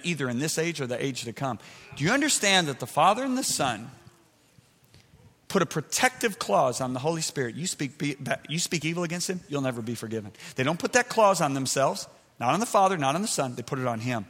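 A man preaching a sermon, emphatic, moving between loud shouted points and soft, close asides. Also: on the high side, animated, fairly quick. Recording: preached in a large reverberant hall.

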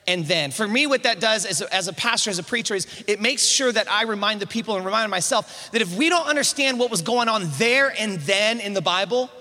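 A man preaching a sermon to a congregation, energetic, with call-and-response prompts and frequent restarts. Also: high-pitched, brisk, few pauses. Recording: reverberant hall sound.

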